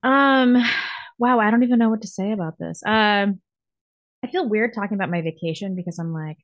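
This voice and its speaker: A woman's voice: mid-range voice, a little fast, no echo, lo-fi sound. Blunt woman co-host. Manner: blunt, crude, joking. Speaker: podcast co-host. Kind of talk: casual podcast chat.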